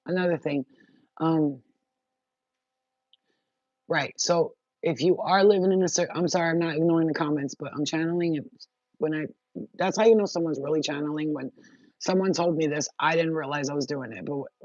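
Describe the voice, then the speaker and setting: A woman's voice: low voice, a little mellow, no echo. Woman spiritual channeler, casual live chat, blunt and profane, dry lo-fi sound.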